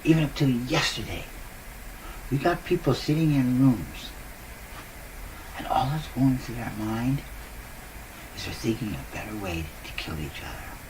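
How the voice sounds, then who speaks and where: A man's voice: medium pitch, lively intonation, measured pace, long pauses, recorded from a distance, noisy background. A man talking to his viewers in a casual rambling monologue, upbeat and giggly, laughing often, on a new cheap microphone. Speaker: vlogger. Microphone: new cheap desk microphone.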